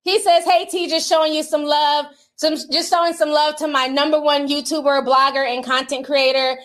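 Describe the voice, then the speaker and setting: A woman's voice: high-pitched, little pitch movement, moderate pace, a bit bright. A woman hosting a casual livestream, chatting and reading out viewer super chats, laughing often.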